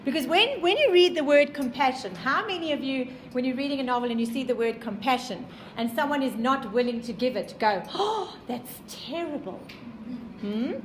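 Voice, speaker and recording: South African woman teacher, high voice, emphatic and repetitive, lecturing a class. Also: fairly quick, few pauses, roomy sound, slight background noise, poor audio. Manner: emphatic, repeats points, quizzes the class.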